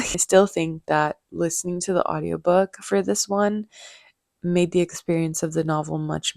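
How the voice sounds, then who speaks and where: A young woman in a casual book vlog, talking quietly into a handheld mic at home, chatty with fillers and small laughs. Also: fairly low pitch, creaky, dry recording, clean studio sound. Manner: quiet, near-whispered, hushed to avoid noise. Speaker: book vlogger. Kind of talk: soft-spoken casual chat. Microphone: handheld mic held close.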